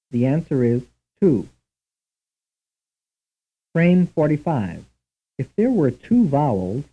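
A man reading a scripted language lesson in a slow, measured, deliberate way, on a tinny old tape recording. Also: fairly high pitch, breathy edge. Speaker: language instructor. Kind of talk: scripted programmed-lesson narration.

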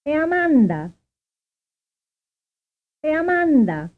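Woman, language-drill model speaker, high voice, wide swoops, tinny recording. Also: sing-song. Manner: deliberate, exaggerated intonation. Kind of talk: slow repeated drill examples. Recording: tinny narrow-band recording.

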